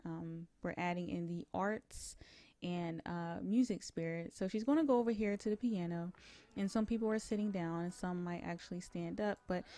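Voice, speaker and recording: A woman's voice: fairly low pitch, dark tone, no echo. A young woman narrating a life-sim game in a casual, rambling way, full of fillers. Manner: rambling, heavy on fillers like "you know, like". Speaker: gameplay narrator. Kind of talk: casual let's-play narration.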